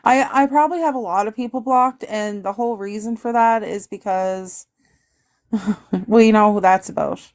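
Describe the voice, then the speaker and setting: A woman's voice: mid-range voice, normal speed, a little mellow. A woman with a Canadian accent in a candid, casual livestream chat, laughing often and answering viewer comments. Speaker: livestream guest.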